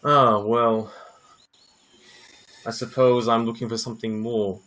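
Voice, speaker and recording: A man's voice: mid-range voice, flat delivery, unhurried, fairly bright tone, close to an everyday voice. A man voicing a flustered young male priest who stammers and gets defensive.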